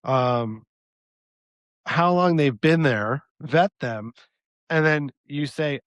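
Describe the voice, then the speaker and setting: Slow and pausing often, this co-host's a-little-high voice is starting to give out. Recorded dry, he thinks aloud through a policy plan, step by step, as part of a casual podcast debate.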